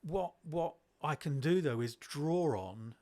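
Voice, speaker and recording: A middle-aged man, a podcast guest telling classroom stories in a lively way, often restarting his sentences. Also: a little high, slow. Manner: animated, acts out children's voices, frequent restarts. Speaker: guest, education speaker. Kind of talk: conversational storytelling.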